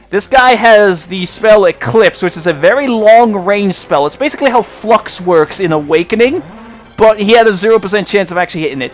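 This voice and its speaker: A man with a high, light voice talks through a video game in a loose, rambling let's play style, now and then jumping up with excitement. Faint game music plays softly behind him. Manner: chatty and rambling, with sudden excited outbursts. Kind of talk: casual gameplay commentary.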